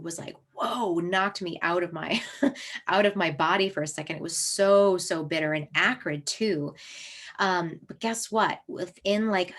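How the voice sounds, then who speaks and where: A woman in her thirties, an herbalist, telling a personal story in a casual, animated way, acting out voices and laughing as she goes. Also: fairly low pitch. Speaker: herbalist and herb school teacher.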